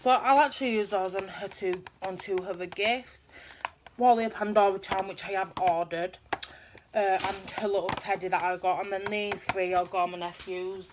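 Recorded at home, a young woman vlogger chats casually through her shopping haul in a rambling show-and-tell style. Her mid-range voice keeps fairly even intonation at normal speed, with background noise present.

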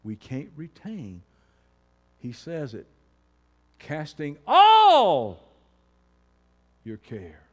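A man preaching a sermon as pastor, moving from quiet talk to shouting. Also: on the low side, sing-song, slow pace, pauses often, breathy edge, big-room sound.

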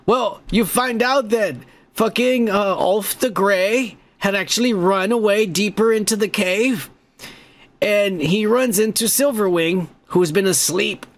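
A young man hosting a podcast, rambling and swearing excitedly as he reviews a show episode. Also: high voice, measured pace. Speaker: podcast host. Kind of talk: casual profane show review.

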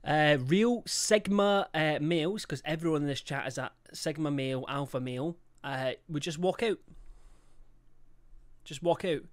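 A man's voice: on the high side, normal speed. Sweary young man streaming a game. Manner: chatty, swears a lot, reads out chat. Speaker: livestreamer. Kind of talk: casual live-stream chat.

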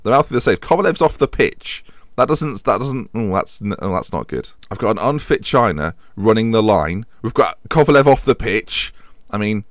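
A man, a gaming YouTuber, commentating his own football management match at home in an excitable, self-mocking way, shouting at big moments. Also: lowish voice, normal speed, dry recording. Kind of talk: live game commentary. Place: home room with windows open.

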